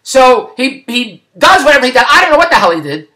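Animated middle-aged man ranting. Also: extremely high pitch, fairly quick. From Philadelphia. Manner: exasperated, digressive storytelling. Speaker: vlogger. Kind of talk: rambling comic monologue.

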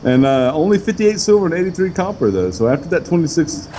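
A man's voice: on the high side, sing-song, quick pace, dark tone, slight background noise, poor audio. A man playing along in a game, casually chatting and reading quest text aloud in a mock proper voice. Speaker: co-player. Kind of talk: casual gameplay chat.

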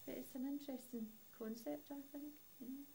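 A woman's voice: high voice, fairly even intonation, a little fast, gravelly, dark tone, a little hiss or hum, low-quality recording. A woman from the west of Scotland with a Scottish accent, telling stories in a casual interview, rambling with lots of "you know". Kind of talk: casual oral-history interview.

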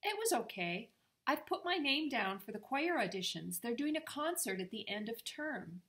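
An earnest, curious schoolboy from a storybook, as a grandmother reads his lines aloud. He talks in a plain, sincere way. The tone is bright. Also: a little high, sing-song, normal speed, voice pushed up, full character voice.

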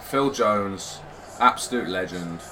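A man streaming a football video game live, chatting excitably with viewers and swearing in casual banter. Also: low-pitched, takes it slowly, a little hiss or hum. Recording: loud game music behind.

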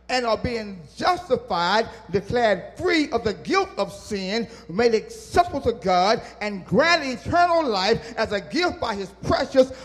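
A man's voice: very high-pitched, big-room sound. A man preaching a sermon as pastor, working call-and-response with his congregation and teasing them to respond. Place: church sanctuary.

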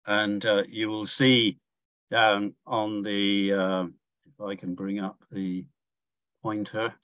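An older man giving a measured academic lecture from slides, pausing often with fillers and restarts. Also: fairly low pitch, fairly bright tone, no room sound.

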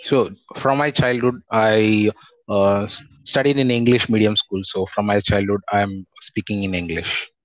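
A man's voice: fairly low pitch, steady tone, unhurried, no echo, poor audio. A man learning English on a video call, giving short, hesitant replies. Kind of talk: online lesson, repeating after tutor.

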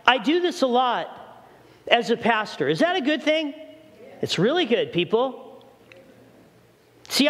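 Male pastor, high tenor, emphatic sermon delivery, echoing sanctuary. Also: fairly bright tone. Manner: preaching with acted prayers and rising emphasis. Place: church sanctuary.

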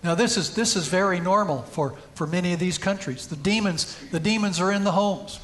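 A man's voice: high voice, brisk, a bit bright. A man preaching a sermon in a church, telling a story and rising to emphatic peaks. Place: church sanctuary.

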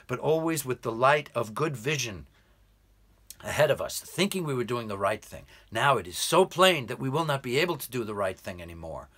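Bright-voiced man in urgent commentary. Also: mid-range voice. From United States. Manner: earnest, urgent, emphatic with slow deliberate stresses. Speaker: English tutor. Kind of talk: political commentary monologue.

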